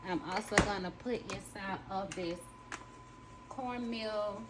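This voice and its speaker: A woman's voice: mid-range voice, slow pace, background noise. A woman with a Southern US accent, hosting a casual home cooking demonstration in a folksy, chatty way and talking straight to her viewers. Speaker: cooking show host. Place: home kitchen.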